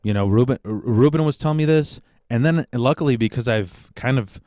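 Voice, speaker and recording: Man, stand-up comedian, podcast host, from the Chicago area, profane and animated, medium pitch, dry close sound. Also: brisk, dry recording. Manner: profane, animated storytelling with sudden excited outbursts. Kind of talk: casual solo podcast monologue.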